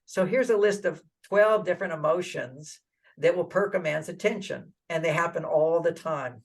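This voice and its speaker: Gravelly, higher-pitched older man giving advice. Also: normal speed. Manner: animated, acts out quoted dialogue. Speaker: relationship author and guest. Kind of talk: advice talk in an interview.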